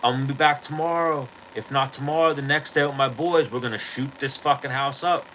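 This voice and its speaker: A man voicing a hotheaded young male street tough who shouts threats in a higher, wound-up voice while retelling a fight. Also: steady tone, moderate pace, slight background noise, lightly acted, rough recording. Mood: threatening.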